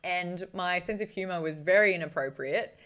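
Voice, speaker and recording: A woman's voice: fairly low pitch, normal speed, fairly bright tone. A woman with an Australian accent, hosting a casual livestream, chatting cheekily and reading out viewer comments. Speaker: livestream host.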